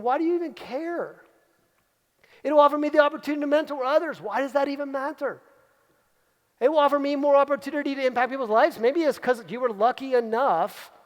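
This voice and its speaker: A man with a notably high voice speaks as a leadership coach at a live retreat. He drives his points home by repeating key phrases, in the style of a motivational keynote. His voice rings out in a big hall with a long reverb tail.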